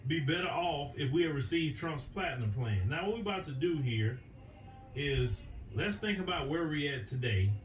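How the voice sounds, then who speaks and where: An American man speaks a little high for a man, pressing his points again and again in an emphatic commentary monologue. He sits back from the microphone, so his voice sounds distant in a roomy, echoing space. A faint hiss of noise runs under him. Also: lively intonation, normal speed. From United States. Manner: emphatic and repetitive, hammering points home. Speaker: political commentary host. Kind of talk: opinion monologue to viewers. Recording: echoey room, voice away from the mic, faint noise.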